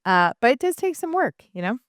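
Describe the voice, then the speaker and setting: A woman in her thirties co-hosting a podcast, telling stories in a chatty, animated way with many restarts. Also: on the high side, fairly quick, dry recording, studio quality. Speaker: podcast co-host. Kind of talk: casual podcast chat.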